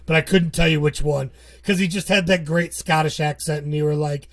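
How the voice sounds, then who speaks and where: A man's voice: a little high, fairly even intonation, brisk. A man co-hosting a podcast, chatting casually, rambling and joking with frequent laughs. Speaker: podcast co-host. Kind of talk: casual chat.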